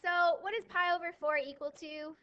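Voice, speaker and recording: A woman teaching a math class, lively, asking questions and answering them herself, with a touch of dry sarcasm. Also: extremely high pitch, moderate pace, dull audio. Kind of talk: classroom lecture.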